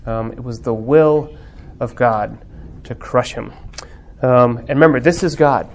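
With a mid-range voice, a man teaches a Bible class about theology and religious art. He begins reflectively, pausing and using fillers often, and builds toward fervent emphasis.

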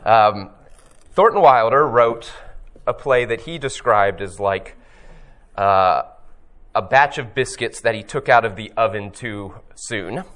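A man teaching about scripture in a reflective, storytelling way, slowing down to stress key phrases. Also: lowish voice, lively intonation, fairly bright tone. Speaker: Bible teacher.

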